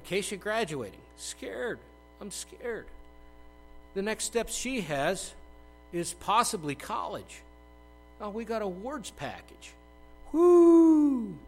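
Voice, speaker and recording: A middle-aged male pastor preaching a conversational sermon, dropping to hushed asides and bursting into loud acted quotes. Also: on the high side, slight background noise, low-quality recording.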